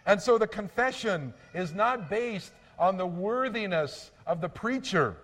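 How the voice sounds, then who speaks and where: A man preaching a sermon in an earnest, measured way, slowing down to stress key phrases. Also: high voice, lively intonation, in a large hall. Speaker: pastor.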